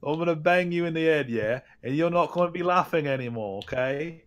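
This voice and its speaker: A man's voice: fairly high pitch, brisk, lightly acted. A man putting on an exaggerated Cockney accent to play an aggressive British tough guy who swears and threatens. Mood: menacing. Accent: put-on British Cockney. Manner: swears constantly, ends lines with "yeah".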